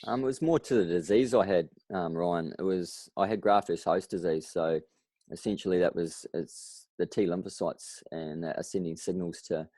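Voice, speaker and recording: A man with a New Zealand accent, a podcast guest, telling stories in a lively way and acting out the voices of the people he quotes. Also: low voice, normal speed, no room sound. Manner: animated storyteller, acts out quoted voices. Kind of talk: casual interview.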